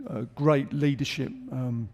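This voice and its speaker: A man's voice: medium pitch, steady tone, unhurried, gravelly, a little mellow. A middle-aged man as a guest in a live on-stage interview, telling jokey anecdotes with chuckles. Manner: chatty anecdotal storyteller, jokes and chuckles. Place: theatre stage.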